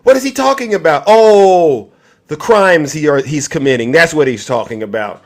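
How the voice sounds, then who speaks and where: A man's voice: on the high side, lively intonation, a little fast. A man hosting a livestream, giving heated political commentary and answering his chat directly in an angry tone. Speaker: livestream host.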